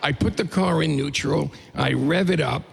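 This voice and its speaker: A man telling a funny story to a crowd in an animated, playful, self-mocking way. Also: on the high side, normal speed, creaky, slightly rough, in a large hall. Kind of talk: live comedic storytelling.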